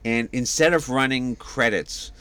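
A man's voice: mid-range voice, unhurried, a bit bright, smooth. A man co-hosting a casual podcast chat, talking with frequent fillers and restarts. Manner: chatty, hesitant with many fillers. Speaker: podcast co-host.

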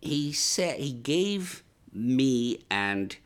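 A man's voice: mid-range voice, extremely slow. A man telling anecdotes as an interview guest, laughing often and acting out what people said. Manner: lively anecdotes, laughs often, acts out quotes. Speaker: animator guest. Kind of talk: casual interview storytelling.

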